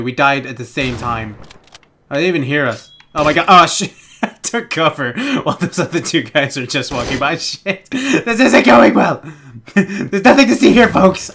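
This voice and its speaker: Excitable young man gaming, lively pitch. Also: slight background noise. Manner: excitable, swearing, giggly, panicky outbursts. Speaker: gaming channel host. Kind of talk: let's play gameplay commentary.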